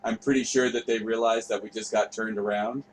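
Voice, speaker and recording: A man's voice: fairly low pitch, flat delivery, a little fast, poor audio. Man, rambling profane storytelling, mumbled asides, casual chat, slight background hiss. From Canada. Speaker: host. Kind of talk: casual chat while touring by map screen.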